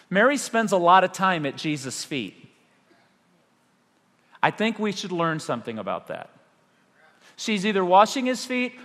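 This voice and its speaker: A male pastor preaching a sermon, animated, with rhetorical questions and dramatic pauses. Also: high-pitched, in a large hall.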